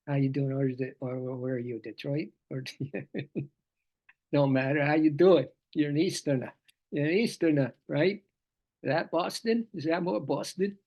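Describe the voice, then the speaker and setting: A man teaching a live scripture study class in a loose, playful way, laughing often and repeating phrases. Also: on the high side.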